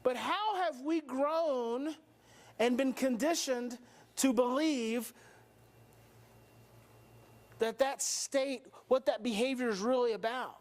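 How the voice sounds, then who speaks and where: A man giving an animated workshop lecture to an audience. He acts out scenes and fires off rhetorical questions. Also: very high voice, takes it slowly, pauses often. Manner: dramatic, acts out parents and brains, rhetorical questions. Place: workshop hall before an audience.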